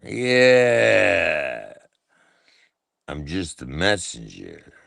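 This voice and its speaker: Slow, gravelly man ranting. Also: sits low, huge pitch swings, a bit bright, no echo, studio quality. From Canada. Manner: repetitive, profane, mocking. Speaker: live-stream host. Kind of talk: profane live-stream rant.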